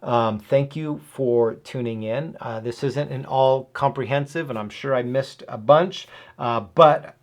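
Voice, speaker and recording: A man talks through scripture in a relaxed, conversational way, sipping whiskey as he goes. He is earnest and emphatic, and he keeps checking in with the listener through rhetorical questions and a quick "right?". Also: medium pitch. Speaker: host of a Bible and whiskey channel. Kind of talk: casual Bible teaching to camera.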